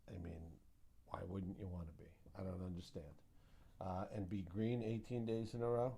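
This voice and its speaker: A man's voice: sits low, level tone, normal speed, warm tone, a little hiss or hum. A man hosting a casual market recap, chatty and joking, with sound-effect mimicry. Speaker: host of a trading recap show.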